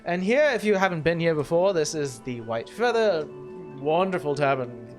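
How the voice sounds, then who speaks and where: A man voicing a boastful, chatty human tour guide in a tabletop game, salesy and smooth-talking. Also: fairly high pitch, lively intonation, moderate pace, soft background music, lightly acted.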